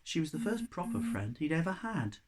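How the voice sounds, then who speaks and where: A man reading a children's chapter book aloud, his pitch rising and falling with lively expression. His delivery is animated and expressive, the way a storyteller reads to young listeners. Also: normal speed.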